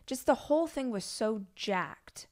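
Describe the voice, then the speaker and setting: A woman's voice: fairly high pitch, lively intonation, a little slow, a little mellow. A woman in her forties hosting a podcast, telling candid, chatty stories about family life with frequent asides. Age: 40s. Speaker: podcast host. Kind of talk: solo podcast monologue.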